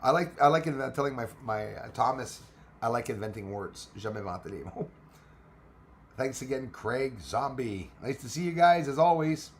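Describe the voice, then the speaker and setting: A man's voice: medium pitch, expressive, moderate pace, slight background noise. A man with a Quebec French accent hosting a casual livestream, chatting with viewers, switching between English and French and swearing freely. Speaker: space channel livestream host.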